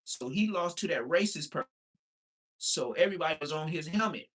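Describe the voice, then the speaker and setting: A male streamer talks fast and eagerly to his viewers, filling them in on the backstory. His voice sits a little high and sounds bright and forward. It is loose, casual live-stream chatter. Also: breathy edge. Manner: excited, explains backstory at length. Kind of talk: casual reaction stream commentary.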